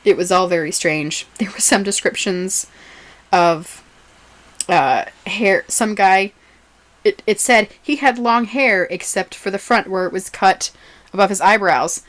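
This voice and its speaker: A woman's voice: medium pitch, unhurried, a bit bright. A woman co-hosting a podcast, chatting casually and often laughing as she recaps a TV episode. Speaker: podcast co-host.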